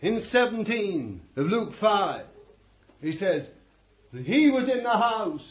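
A male preacher with a high voice that swings widely up and down, delivering a fervent sermon. He lingers over his words, repeats key phrases and addresses the congregation as beloved. The recording is dull and lo-fi. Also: big pitch swings, slow pace.

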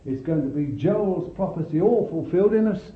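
A man's voice: a little high, moderate pace. A man preaching a sermon, reading scripture aloud and exhorting his listeners. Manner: expressive Bible reading and exhortation. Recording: echoey, tinny old sermon recording.

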